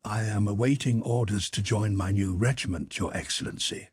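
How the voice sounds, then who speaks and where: A man reading as a reserved young officer who answers in a low, hushed, respectful tone, giving nothing away. The voice is husky and breathy, with a dry, close sound. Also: lively intonation, normal speed, no echo. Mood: quiet, respectful. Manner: quiet, restrained, nearly whispered.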